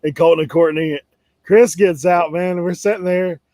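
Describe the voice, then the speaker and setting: High-voiced man telling stories with laughs. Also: steady tone, normal speed, mellow, no echo, poor audio. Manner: chatty storyteller, laughs often. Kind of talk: casual chat.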